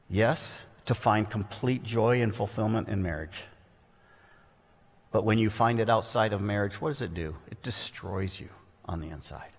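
A man preaching a sermon with earnest, pointed delivery, reading scripture and explaining it verse by verse. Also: moderate pace. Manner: earnest, pointed, dramatic shifts in pitch for quoted voices. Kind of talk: expository sermon. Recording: long reverb of a large hall.

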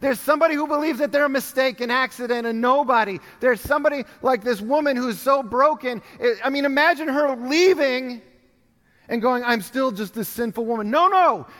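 A male pastor preaching a sermon, telling a story with animated swings from urgent loud appeals to hushed, quiet moments. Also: extremely high pitch, normal speed, big-room sound. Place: church sanctuary.

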